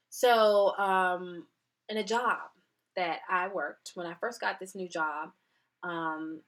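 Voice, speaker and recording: Lively storytelling woman, a touch low. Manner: animated storytelling with acted-out quotes and laughs. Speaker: wellness and life coach. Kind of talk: casual motivational talk.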